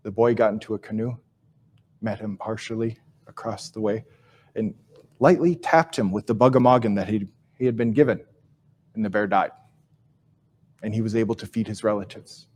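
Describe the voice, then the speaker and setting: A man giving a live teaching talk and telling a story, speaking slowly and reflectively, repeating and restarting phrases, his sentences fading softly at the ends. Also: on the low side. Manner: slow, reflective delivery with soft, trailing phrase endings; repeats and restarts phrases while searching for words. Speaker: Ojibwe language teacher and speaker.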